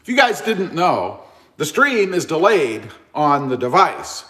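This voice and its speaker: A loud man hosts a casual livestream and reads out viewer comments. His voice sits high and swings around a lot, with plenty of lift and drop in the pitch. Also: very animated, unhurried. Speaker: livestream host.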